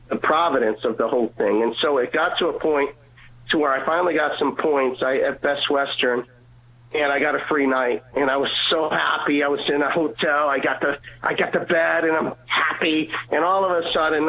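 Man telling his story over a tinny phone. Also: a little high. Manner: earnest storytelling, acts out quoted voices. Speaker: caller sharing a testimony. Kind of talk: personal faith testimony.

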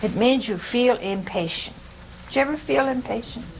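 A woman's voice: on the high side, normal speed, creaky. A woman giving an informal religious talk to a live audience, chatty and humorous, often putting questions to her listeners. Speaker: religious teacher.

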